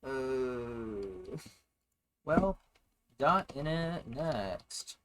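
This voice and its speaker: A man in the game master's chair, talking through the rules at a relaxed clip. His voice sits at an ordinary middle pitch, and he often stops and restarts his sentences as he works things out. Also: background noise. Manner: easygoing, explains rules in halting restarts. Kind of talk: running a tabletop game.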